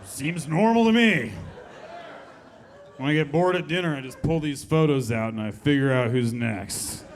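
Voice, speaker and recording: A man's voice: medium pitch, fairly even intonation, fairly quick, noisy background. A man in his thirties doing a crude, brash stand-up comedy set on a club stage, talking straight to the crowd. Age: 30s.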